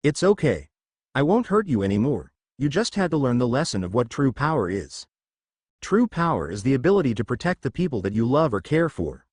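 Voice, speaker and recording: Man reading as a confident young ninja hero, preachy, lively pitch, dry sound. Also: fairly quick, breathy edge, dry recording.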